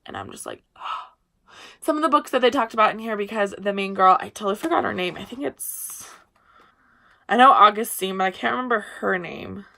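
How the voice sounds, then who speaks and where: A woman's voice: mid-range voice, normal speed, creaky, pushed and bright. A young woman in a casual book review vlog, chatty and gushing, often trailing off mid-sentence while talking to her camera. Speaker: book vlogger.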